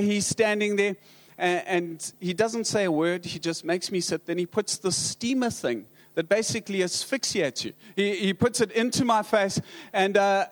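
With a high voice and a South African accent, a man delivers a sermon built around humorous stories. He starts over again and again, pausing haltingly, his humor understated and dry.

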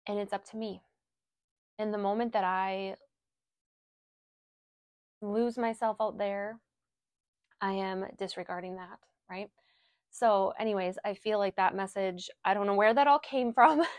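A woman leading affirmations and spiritual reflection with a gentle, unhurried delivery, letting each phrase settle before she repeats it. Her voice is mid-pitched and recorded close in a dry, deadened room with no echo. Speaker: spiritual guide.

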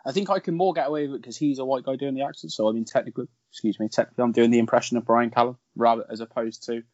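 A man's voice: mid-range voice, fairly even intonation, rapid-fire, a little mellow, no room sound, dull audio. A man co-hosting a casual, joking film podcast, swearing often. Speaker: podcast co-host.

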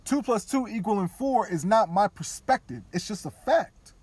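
Brief: male podcaster, slightly high voice, dry close mic, frank conversational riffing. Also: lively intonation, moderate pace, breathy edge, no echo. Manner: candid, conversational, acts out other voices quietly. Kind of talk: casual opinion talk.

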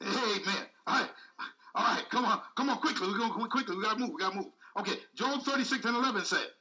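A man's voice: sits high, fast, bright, forceful tone, recorded from a distance, rough recording. A man preaching a sermon with speech, repeating phrases and calling out to the congregation. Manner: call-and-response preaching, repetitive, emphatic.

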